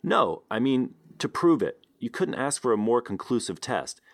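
A man voicing an excitable, blunt male inventor in a read-aloud story, with eager, emphatic delivery. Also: medium pitch, normal speed, dry recording, clean studio sound, pitched above the performer's own voice. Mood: excited. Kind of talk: audiobook character voice.

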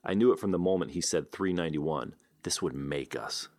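A man narrating a first-person story in a wry, understated, deadpan way. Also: low voice, brisk, dry recording. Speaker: audiobook narrator.

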